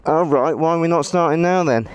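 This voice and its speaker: A man's voice: a little high, brisk, a little hiss or hum. A young man giving casual commentary while riding a motorbike outdoors, exclaiming, swearing and laughing at himself, recorded on an action camera with a portable recorder. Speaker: motorcycle vlogger.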